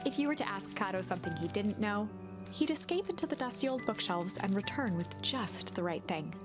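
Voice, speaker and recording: A woman reading a video game's narration aloud in an even storytelling manner, with background music. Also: mid-range voice, brisk. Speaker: streamer reading game narration.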